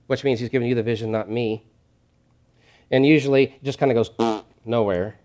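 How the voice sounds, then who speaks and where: A man preaching a sermon as a pastor from behind a church podium, emphatic and repeating his key lines, dropping to a hush and then rising loud. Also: mid-range voice, fairly even intonation, fairly quick.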